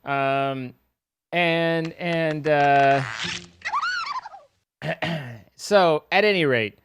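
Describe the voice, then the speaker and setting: A live streamer chats casually with viewers in a smooth, mid-range voice, drawing out his words. He rambles in an animated way and teases his audience playfully.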